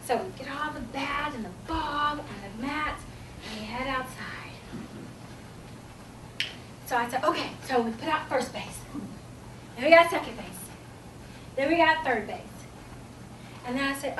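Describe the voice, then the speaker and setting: A woman giving a humorous contest speech, animated and acting out children's voices in a stage storytelling style. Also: normal speed, long pauses, background noise. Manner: animated, acts out children's voices in high squeals. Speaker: speech contest speaker, teacher. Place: event hall. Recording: roomy hall, mic from a distance.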